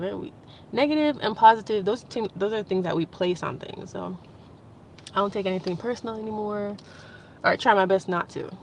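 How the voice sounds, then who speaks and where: A young adult woman vlogger rambles through a casual spiritual monologue, emotional and laughing now and then. Her voice is mid-range, with a little hiss or hum in the audio.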